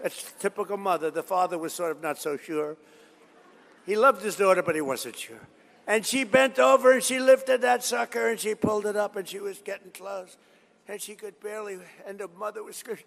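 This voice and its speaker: Gravelly man rambling at a rally. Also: high voice, normal speed, pushed and bright. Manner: boastful, repetitive, digressive storytelling. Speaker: politician giving a speech. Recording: reverberant hall.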